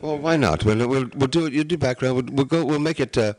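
A man's voice: mid-range voice, quick pace, darkish tone. A man, a guest actor, joking and rambling theatrically in a playful interview. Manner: jokey, rambling, theatrical, breaks into rap. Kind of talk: playful comic interview banter.

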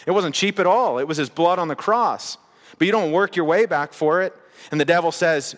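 Man, pastor, sermon, emphatic repetition, fairly high voice, long reverb. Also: moderate pace, fairly bright tone. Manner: emphatic, repetitive preaching cadence.

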